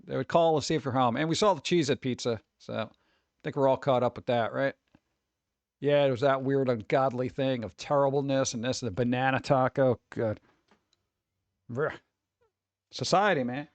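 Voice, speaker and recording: A man's voice: medium pitch, normal speed, long pauses, no room sound. A man streaming casual commentary on food videos, exasperated and sarcastic, rambling and restarting.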